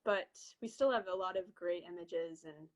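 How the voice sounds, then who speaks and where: Young woman guest, casual and a little halting, on a video call. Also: lowish voice, poor audio. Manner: friendly, hesitant, many ums and restarts.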